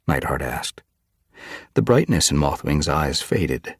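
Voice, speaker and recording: A man reading a storybook aloud as narrator, steady and unhurried. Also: a bass voice, husky, no echo, studio quality. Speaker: audiobook reader. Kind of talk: audiobook narration.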